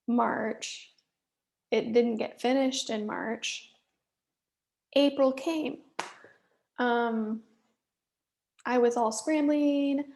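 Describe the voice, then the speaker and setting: A woman talks herself through a business review at a slow, halting pace, her slightly high voice full of gravelly creak. She is angry and stressed, swears often, and sometimes sinks to a muttered whisper as she drifts from the mic. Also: darkish tone. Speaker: solo business vlogger reviewing her own work. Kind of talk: candid solo business check-in.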